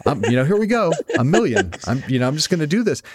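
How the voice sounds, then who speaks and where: A man's voice: fairly high pitch, very animated, rapid-fire, a little mellow. A male host interviewing a guest, admiring and emphatic, building his points with repetition. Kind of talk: conversational interview.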